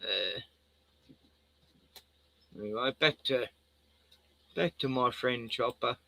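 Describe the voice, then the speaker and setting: Heavy background noise surrounds this middle-aged Australian man's gravelly, medium-pitched voice as he takes his time. A vlogger by trade, he rambles casually, laughs a lot, and keeps turning to address his pets in a teasing singsong.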